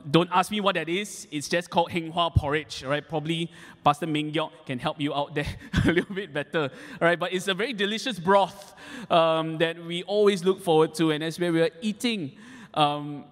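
A pastor delivers a sermon with a somewhat high voice, restating his key points for emphasis. He speaks in a church hall with a long, ringing echo. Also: moderate pace. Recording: echoey hall.

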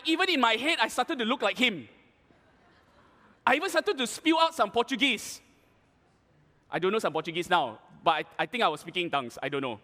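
A man preaching to an audience, telling an animated, dramatic story with playful asides. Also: high voice, long reverb tail. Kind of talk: storytelling sermon.

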